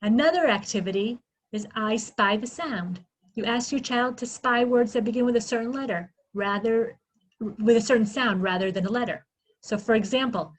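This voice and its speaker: Woman presenter with a fairly high voice, teaching early reading and sounding out each phoneme slowly. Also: poor audio. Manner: slow, exaggerated sounding-out of phonemes; asks questions then answers them herself. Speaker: literacy workshop presenter. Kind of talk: instructional presentation.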